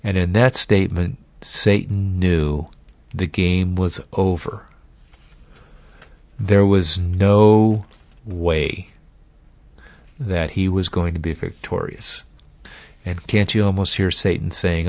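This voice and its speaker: A man preaching a sermon, telling the story dramatically and slowing down to stress key words. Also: sits low, fairly even intonation, vocal fry, no room sound.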